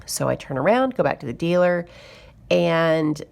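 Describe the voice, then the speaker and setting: A woman's voice: deep voice, lively intonation, moderate pace, creaky, darkish tone. A woman chatting to camera as a budgeting vlogger, telling a story in a chatty, exasperated way. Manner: chatty, exasperated retelling with fillers. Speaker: budgeting YouTuber.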